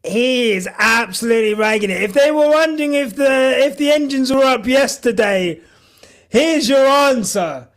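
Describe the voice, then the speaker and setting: A man hosting a podcast, giving excitable, shouty live reaction commentary and swearing a lot. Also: very high-pitched, normal speed. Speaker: podcast host.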